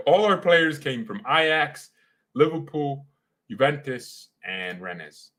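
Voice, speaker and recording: A man's voice: medium pitch, animated, drawn-out words, pauses often, sharp tone. A man hosting a casual live match watchalong as a fan, talking in an opinionated, rambling and slangy way. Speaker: fan channel host.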